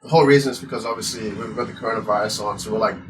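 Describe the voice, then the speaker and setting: A man's voice: fairly low pitch, fairly even intonation, very fast. A man from Australia co-hosting a podcast, talking in loose, joking banter with slang and frequent laughs. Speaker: podcast co-host. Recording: distant mic, noisy.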